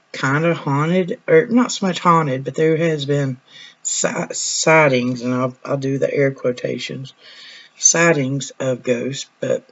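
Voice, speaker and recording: A woman's voice: deep voice, lo-fi sound. A woman, a nurse chatting casually in a vlog, telling stories in a folksy way that trails off now and then.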